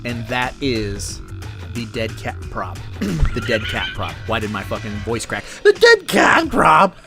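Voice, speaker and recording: A man co-hosting a podcast in casual chat, playful and quick to laugh. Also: on the low side, steady tone, music in the background. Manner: laughs a lot, playful and loose. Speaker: podcast co-host.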